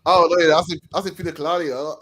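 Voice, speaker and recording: Fast-talking man, bantering. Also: on the high side, fairly even intonation, crowd noise. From England. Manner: quick, bantering. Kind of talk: casual chat.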